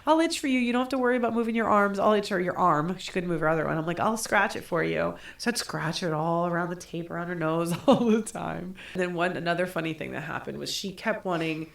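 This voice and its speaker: A woman's voice: on the low side, quick pace, creaky. A middle-aged woman co-hosting a podcast, telling a personal story in a casual chat and acting out quotes with bursts of laughter. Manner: animated, acts out quotes with laughter. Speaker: podcast co-host.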